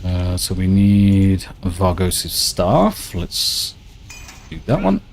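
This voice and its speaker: A man's voice: deep voice, big pitch swings, very slow, a little mellow, a little hiss or hum. A man chatting casually and swearing a lot while he streams a game and reads out viewer messages. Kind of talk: casual gameplay chat.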